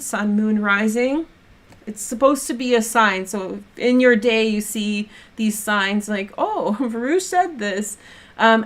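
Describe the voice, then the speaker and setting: A young woman giving a casual weekly tarot and astrology reading to camera. She is chatty and bubbly, laughs often and fills her talk with "like" and "um". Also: on the high side.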